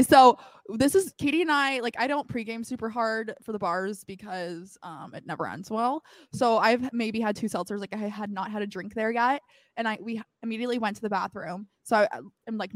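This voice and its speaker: A woman in her twenties, a podcast co-host telling a story in a casual, animated way, full of "like". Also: on the high side, no echo. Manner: animated, filler-heavy storytelling with lots of "like".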